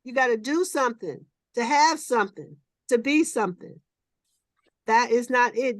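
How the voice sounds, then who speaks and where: A woman hosting with a voice a little above the middle in pitch. She moves from measured, reflective reading into easy, animated talk. The sound is dry and close-miked. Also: no echo. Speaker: host. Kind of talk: reading a passage, then casual group chat.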